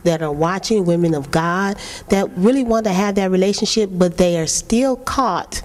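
A woman's voice: mid-range voice, normal speed, darkish tone. A woman hosting a church talk show, asking her panel questions and answering them with frequent amens.

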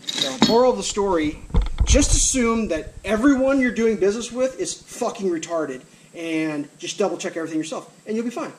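A frustrated man vlogs outdoors beside a trailer, ranting angrily at the camera, cursing frequently and saying the same things over and over. His voice sits high and is expressive and fairly quick, with a bit of background noise.

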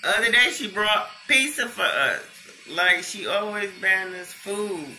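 A man talks to his viewers in a casual vlog, gushing and slangy. His voice sits a little high, with a very bright, piercing edge and a gravelly rasp, and he laughs often as he talks. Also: animated, a little slow, faint music behind. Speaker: vlogger.

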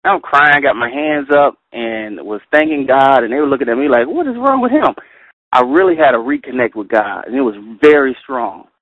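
A middle-aged man leading a Bible study, reading verses slowly and carefully, then telling personal stories with animated delivery. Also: medium pitch, dry recording. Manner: animated storyteller, reads scripture slowly and carefully. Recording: tinny phone line, dry.

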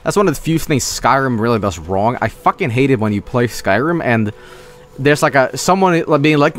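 A man from Sweden streams casual video game commentary in a mid-range voice at a moderate pace. He jokes, swears freely, stays animated and puts on silly voices.

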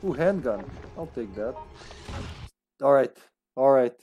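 A man streaming a video game live, chatting casually and playfully, breaking into excited shouts. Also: mid-range voice, slow, phone-quality sound, soft background music. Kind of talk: live gameplay commentary.

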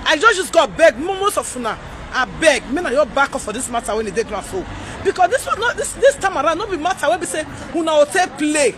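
High-voiced Nigerian woman ranting outdoors. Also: very animated, fast talker, a bit bright, some chatter behind, a little hiss or hum. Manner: agitated, pleading, repetitive. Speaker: vlogger. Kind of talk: heated rant vlog.

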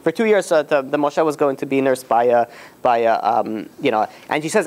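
Rabbi casually retelling a story to students. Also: male voice, medium pitch, a little fast, darkish tone. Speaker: rabbi teaching a class. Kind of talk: informal Torah class storytelling.

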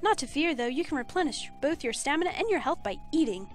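A woman voicing a kindly, doting old granny who talks in a high, sing-song, fussing way. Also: animated, fast talker, faint music behind.

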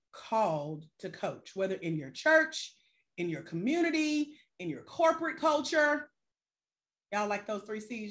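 A woman life coach on a live stream who talks straight to her viewers with casual slang and rhetorical questions. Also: on the high side.

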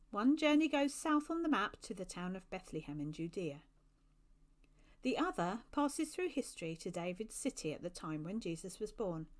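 A gentle, wise male angel who guides travellers, talking brightly and earnestly in a lifted voice, as a woman reading a storybook puts him on. He keeps his tone warm-hearted and sure. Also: a little high.

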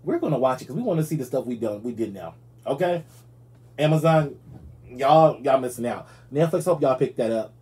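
A man hosting a casual gossip commentary show, chatty and animated, talking straight to his viewers and yawning now and then. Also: mid-range voice, a little fast. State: yawning, tired. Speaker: show host.

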